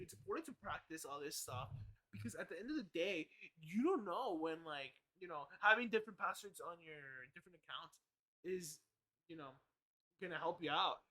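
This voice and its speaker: A man's voice: high-pitched, a bit bright. A young man rambling through a casual live stream, often correcting himself and swearing freely.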